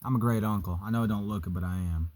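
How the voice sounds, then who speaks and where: A young man casually telling a story, profane and animated, vaping as he talks. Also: fairly low pitch, quick pace, no room sound. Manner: vaping while talking.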